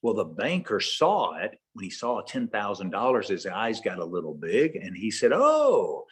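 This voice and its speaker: A man's voice: fairly low pitch, lively intonation, normal speed, husky. A man giving a conversational leadership talk over a video call, folksy, with tag questions, telling stories. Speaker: leadership trainer, webinar speaker. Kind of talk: conversational lecture with storytelling.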